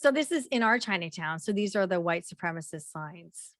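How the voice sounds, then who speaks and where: A woman's voice: on the low side, expressive, brisk, no room sound. Woman presenting a workshop, dry sound. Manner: conversational, frequent fillers and throat clearing.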